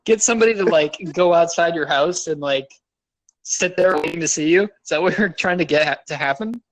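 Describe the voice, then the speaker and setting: A man's voice: fairly high pitch, a little fast, no echo. A man co-hosting a casual chat podcast. He teases his friend with sarcastic jokes. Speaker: podcast co-host.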